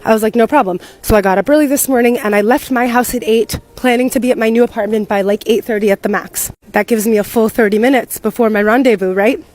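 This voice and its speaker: An American woman in young adulthood, telling a story to camera in a chatty, animated way and swearing freely. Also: on the high side, quick pace, few pauses. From United States. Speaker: content creator living abroad.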